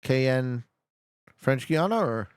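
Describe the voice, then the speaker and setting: Young male streamer, jokey running commentary, expressive pitch, close and dry. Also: slow pace, smooth, no room sound. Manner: joking, talks back to his chat. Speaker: streamer playing a geography guessing game. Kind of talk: casual live gameplay commentary.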